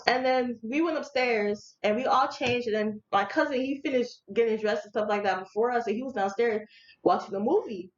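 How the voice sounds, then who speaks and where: A young woman vlogger telling a story in casual, slangy speech, animated and laughing along as she talks. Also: a little high, fairly quick. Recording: echoey room, dull lo-fi audio, faint noise.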